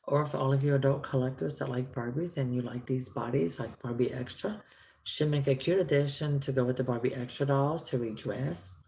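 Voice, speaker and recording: A woman reviewing a doll in a chatty, rambling vlog, turning sharp when she scolds someone. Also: very deep voice, fairly quick, vocal fry, slight background noise.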